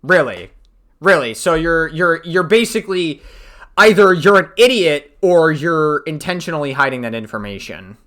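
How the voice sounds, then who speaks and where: Bright-voiced heated male commentator. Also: fairly high pitch, expressive, moderate pace. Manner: heated, swearing, mocking. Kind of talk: reaction commentary.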